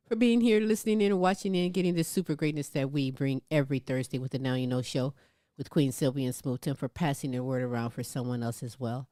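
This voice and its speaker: A woman's voice: deep voice, warm tone, no echo, clean studio sound. A woman co-hosting a live talk show, playful and laughing, stretching out her words to the audience. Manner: playful, drawn-out endearments, laughs often. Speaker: co-host.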